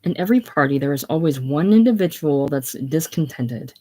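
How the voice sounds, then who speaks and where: A reader voicing a defrocked male minister and tour guide near hysteria, talking in strained, halting protests. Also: medium pitch, animated, a little mellow, lightly acted. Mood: indignant.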